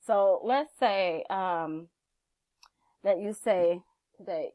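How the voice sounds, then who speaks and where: A woman hosting a motivational channel, talking casually to camera, chatty and animated, acting out little quotes as she teaches. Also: medium pitch, extremely slow, no echo. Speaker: channel host, life coach.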